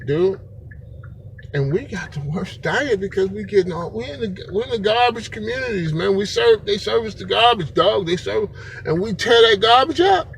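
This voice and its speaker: A man's voice: on the high side, a little hiss or hum. A man talking straight to camera in an unscripted monologue, rambling and slangy and often breaking into laughter. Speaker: vlogger.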